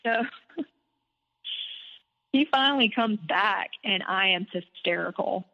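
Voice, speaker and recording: A woman guest telling a personal story in an animated, candid way, with some swearing. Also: mid-range voice, slow pace. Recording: dull lo-fi audio with long reverb.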